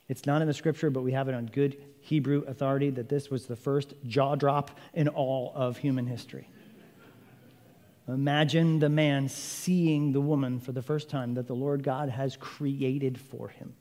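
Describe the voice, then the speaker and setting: Animated preaching man, church reverb. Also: medium pitch, measured pace. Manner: animated, joking storyteller. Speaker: pastor. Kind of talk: sermon.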